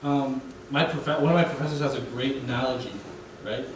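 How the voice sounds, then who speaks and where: Preaching as a guest in a church sanctuary, a young man speaks fairly quickly in a steady, mid-range voice, keeping it casual and checking in with "right?". A distant mic catches him in an echoey hall with faint hiss.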